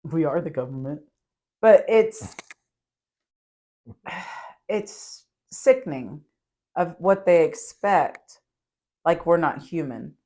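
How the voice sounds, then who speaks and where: A woman's voice: deep voice, slow pace, long pauses. A young adult woman on a podcast, a teacher telling classroom stories in casual chat, laughing often and acting out the kids. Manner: animated storytelling, acts out kids' voices, laughs often.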